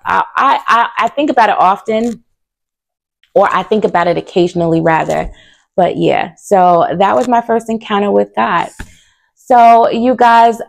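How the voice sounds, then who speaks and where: A woman's voice: mid-range voice, gravelly. A young woman vlogger telling a personal story to camera in a casual, earnest way, full of fillers and, at times, close to tears. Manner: earnest and candid, with many fillers.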